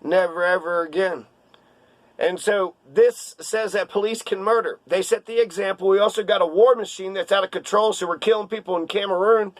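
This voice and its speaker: Heated male commentator, sarcastic rant, high-pitched, dry close mic. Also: fairly even intonation, moderate pace, dry recording. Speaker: political commentator. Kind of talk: casual ranting commentary.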